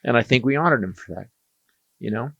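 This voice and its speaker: A man's voice: mid-range voice, expressive, a little fast, vocal fry, fairly bright tone, slightly rough, no room sound, highs cut off. A middle-aged man co-hosting a comedy podcast, joking, laughing often and asking questions. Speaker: podcast co-host. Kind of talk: casual podcast chat.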